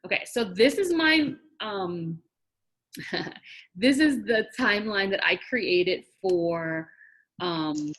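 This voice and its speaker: A woman's voice: medium pitch, animated, takes it slowly, fairly bright tone. Woman from New York, online class instructor, chatty and direct, frequent laughs. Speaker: wedding planning instructor. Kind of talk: online class, casual teaching.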